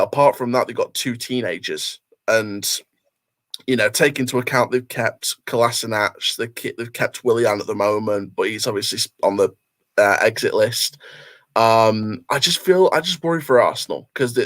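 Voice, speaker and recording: A man calls in to a fan show and talks in earnest, opinionated runs that wander from point to point. His pitch is average for a man. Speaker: caller. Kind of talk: casual phone-in chat.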